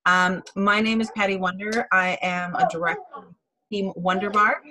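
A woman's voice: medium pitch, normal speed, background noise. A chatty, bubbly woman giving a blunt training talk as a team director on a video call. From Wisconsin, USA.

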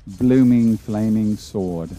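A man's voice: lowish voice, takes it slowly, mellow, slight background noise. A man from Arkansas with a Southern accent, giving playful, jokey commentary as the host of his gaming channel. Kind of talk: casual gameplay commentary.

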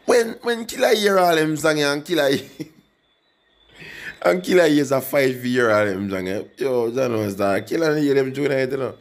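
A man's voice: mid-range voice, unhurried. A young man with a Jamaican accent, rambling casually in patois as he reviews a song for his viewers. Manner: rambling, animated, speaks in patois, addresses viewers. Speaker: music reaction vlogger.

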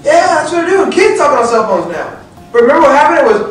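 Brief: animated male motivational speaker, thirties, high voice, heard from far off in a big hall. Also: fast talker. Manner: animated, acts out scenes, laughs often. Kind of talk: leadership seminar talk. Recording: echoey hall from far off, faint music.

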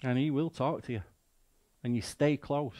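A man's voice: medium pitch, normal speed, warm tone. A man with a Mancunian accent preaching a sermon as a guest speaker, emphatic and full of rhetorical questions.

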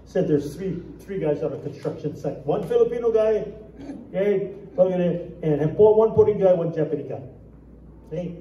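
A man preaching a sermon as pastor, animated and emphatic, telling a joke and reading scripture. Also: high voice, normal speed, echoey room, recorded from a distance, muffled recording, slight background noise. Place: church sanctuary.

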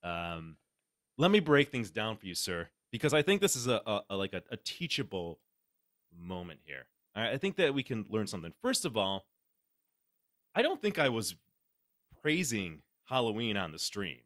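On his podcast, a man with a lower voice chats casually, ranting with sarcasm and plenty of cursing. He keeps a moderate pace, and the studio-quality audio has no echo.

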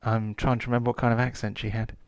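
A man narrating as game master in a tabletop game, halting with frequent ums. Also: mid-range voice, little pitch movement, smooth, dry recording. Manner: hesitant, many ums.

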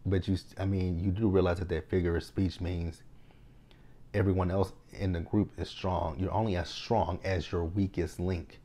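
Deep-voiced man ranting in a review. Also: little pitch movement, moderate pace, mellow. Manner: exasperated, blunt and profane, retelling scenes with asides. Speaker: reality TV reviewer. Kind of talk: casual video review commentary.

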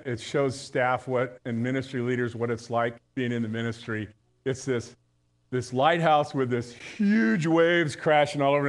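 A male pastor giving a live church sermon in a conversational way, telling jokes and often restarting his sentences. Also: mid-range voice. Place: church service.

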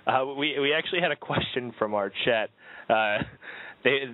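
A man's voice: mid-range voice, moderate pace. Hesitant man hosting over a tinny line. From United States. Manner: hesitant, lots of uh fillers, laughs along. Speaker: host. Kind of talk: casual interview chat. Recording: dry phone-like line.

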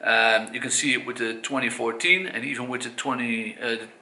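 A man's voice: mid-range voice, steady tone, fairly quick, pushed and bright, slight background noise. A man with a Dutch accent giving a casual spoken review, hesitant with many fillers and self-corrections. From Netherlands. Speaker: cigar reviewer. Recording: echoey room.

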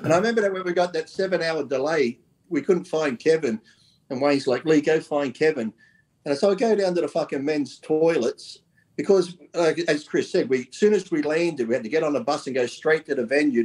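A man telling rough, profane anecdotes in a casual chat, laughing as he goes. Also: on the high side, a little mellow. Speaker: bodybuilder telling stories.

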